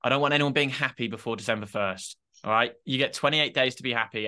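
A man's voice: mid-range voice, fast talker, bright, forceful tone. A man co-hosting a podcast in casual chat, self-mocking and full of "like" fillers. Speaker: podcast co-host.

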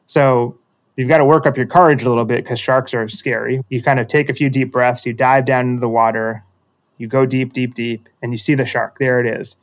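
A man's voice: medium pitch, steady tone, a little fast. A man telling a metaphorical story in a casual conversation, reflective and self-deprecating, often restarting sentences.

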